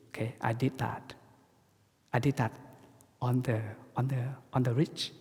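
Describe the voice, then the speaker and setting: Male Buddhist monk; soft, halting dharma talk in a hall with long reverb. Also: mid-range voice, steady tone, slightly rough. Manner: halting, simple English with frequent restarts.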